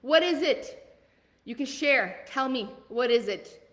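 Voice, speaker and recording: A woman with a Southern accent coaches a live group call with blunt, rapid-fire encouragement. Her voice carries a long reverb, like a hall. She keeps asking questions and answering them herself. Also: high voice, animated, a bit bright. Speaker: leadership coach.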